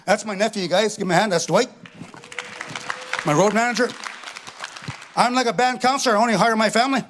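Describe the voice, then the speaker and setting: A middle-aged man from Canada telling a stand-up comedy story on a theatre stage, animated, chuckling as he acts out voices. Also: high voice, a little fast, pauses often, crowd noise, background noise. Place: theatre stage with live audience.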